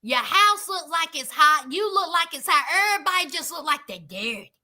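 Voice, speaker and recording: A woman's voice: high-pitched, animated, normal speed, bright, forceful tone. A woman giving a comedic, sassy recap of a reality show, mocking the people in it with dramatic flair. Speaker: reality TV commentator.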